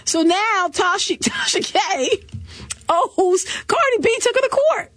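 A woman hosting a talk show, riffing through celebrity gossip with sassy, animated commentary and quick laughs. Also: very high voice, no echo. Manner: animated, sassy storytelling with laughs and mock voices.

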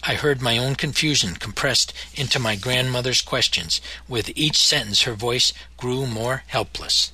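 Male audiobook narrator, somber memoir reading, husky edge, mid pitch. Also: measured pace, hardly any pauses, sharp tone, no echo, low-quality recording.

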